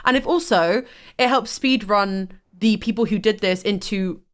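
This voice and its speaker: A woman's voice: mid-range voice, normal speed. A young woman in casual chat, talking with passion and getting heated, swearing freely. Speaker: host.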